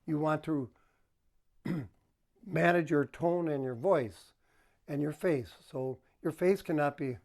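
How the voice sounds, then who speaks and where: A man's voice: fairly high pitch, takes it slowly, gravelly, pauses often, a little mellow. A man working as a relationship counselor, giving advice to the camera in a coaching manner and acting out example tones of voice.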